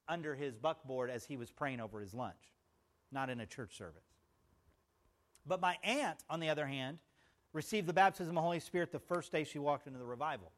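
A male pastor preaching a sermon, telling stories and calling out to the congregation, swinging from loud, emphatic phrases to hushed asides. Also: a little high. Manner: storytelling with audience call-outs.

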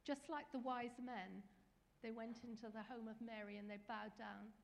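A woman's voice: on the high side, steady tone, normal speed, creaky, long reverb tail. A woman preacher giving an earnest, encouraging sermon with small fillers.

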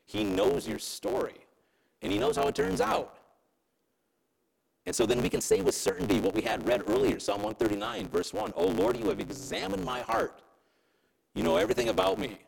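A man's voice: high-pitched, huge pitch swings, normal speed, vocal fry, poor audio. A man preaching a sermon in a conversational way, often checking in with his listeners. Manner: conversational preaching, keeps asking "right?". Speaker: pastor.

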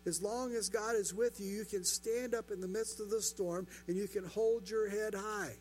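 High-voiced man preaching a sermon. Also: steady tone, moderate pace, darkish tone, a little hiss or hum. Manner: rhetorical questions, repetition for emphasis. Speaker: pastor.

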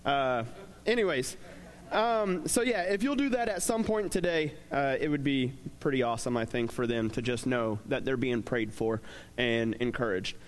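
A man's voice: mid-range voice, normal speed. A young man giving a casual, joking sermon as a pastor, talking conversationally with plenty of fillers.

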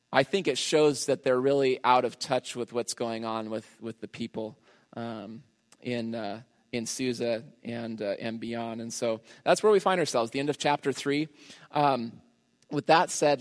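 A man's voice: medium pitch, in a large hall. A man preaching a sermon in a casual, conversational way, with frequent fillers and restarts. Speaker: pastor.

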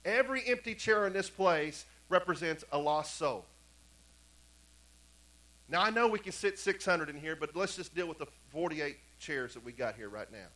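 In a church sanctuary, a pastor preaches a sermon in a high, strikingly bright voice with lively intonation and a moderate pace. His long stories swing from hushed near-whispers to emphatic passages hammering repeated points, all on a rough recording.

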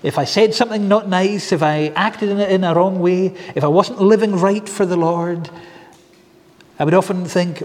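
A man's voice: on the high side, fairly even intonation, normal speed, darkish tone. Earnest preacher, man, echoing church. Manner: earnest, repetitive, building phrases. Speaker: pastor. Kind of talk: sermon.

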